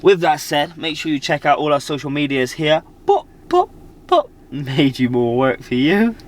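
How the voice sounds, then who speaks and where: A man's voice: on the high side, normal speed. A British man, a motivational speaker, talking casually and energetically to camera in his vlog, with slangy pep-talk asides. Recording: background music clearly audible.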